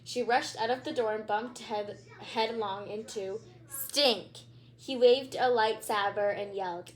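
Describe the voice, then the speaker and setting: A woman on her channel reads a children's book aloud, adding chatty asides and stumbling a few times. Her voice sits on the high side, with fairly even intonation and a slightly slow pace.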